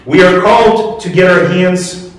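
A pastor delivers a sermon in a church hall, his high voice moving a little slowly. He preaches conversationally, putting questions to the congregation as he goes. The mic is set at a distance in an echoey room.

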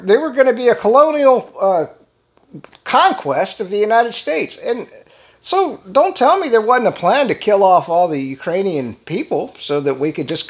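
A middle-aged man hosting his own political commentary channel, speaking in a fairly high voice that rises and falls a lot. He rambles through stories with fillers, repeated words and restarts. His tone is blunt and indignant, with casual swearing.

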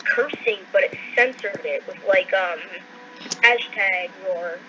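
Slow, hesitant female co-player. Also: medium pitch, highs cut off. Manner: hesitant, full of ums. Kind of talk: casual chat. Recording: loud background noise on a quiet mic.

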